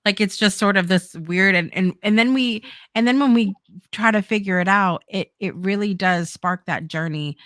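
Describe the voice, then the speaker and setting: A woman's voice: mid-range voice, normal speed, fairly bright tone, dry recording. A woman talk show host who thinks aloud as she speaks, with frequent restarts. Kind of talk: interview talk.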